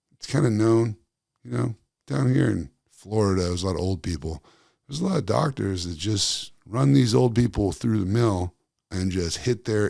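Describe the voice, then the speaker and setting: A man with a low voice speaks bluntly and casually, swearing freely. He talks in a loose, conversational manner. The recording is dry and close, with no room sound. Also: vocal fry, dry recording. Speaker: wellness coach. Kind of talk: casual monologue.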